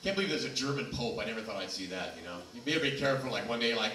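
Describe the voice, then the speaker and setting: At a small comedy club, a stand-up comic from Los Angeles rambles through a loose set with crowd work, talking very fast in a mid-range, sing-song voice with hardly any pauses. The recording is distant, echoey and noisy.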